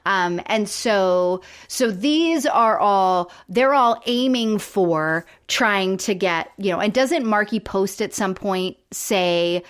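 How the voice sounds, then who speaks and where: Woman podcast co-host, mid-pitch voice, casual explainer, fills gaps with "um" and "like". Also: slow, few pauses. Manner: explanatory, lots of fillers and restarts. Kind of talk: casual chat.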